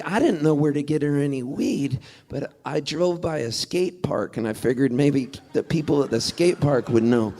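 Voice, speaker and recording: A middle-aged man from Southern California telling a funny, tender story on a concert stage. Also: on the high side. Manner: animated, jokey storytelling that shifts into song. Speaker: singer-songwriter performing.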